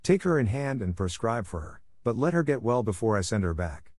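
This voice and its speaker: A man voicing a worried, well-to-do gentleman who pleads with his friend. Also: fairly low pitch, very animated, fairly quick, dry recording, studio quality. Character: anxious well-off gentleman, father figure.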